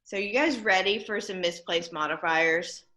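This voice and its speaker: A woman teaching a junior high class over a video call, upbeat and encouraging, playfully coaxing her students. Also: moderate pace, bright, forceful tone.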